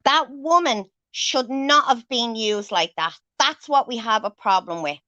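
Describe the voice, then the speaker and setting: A woman's voice: fairly high pitch, measured pace, pushed and bright, dry recording, lo-fi sound. A woman hosting a livestream, ranting angrily and swearing heavily as she confronts someone. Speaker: livestream host. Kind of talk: angry livestream rant.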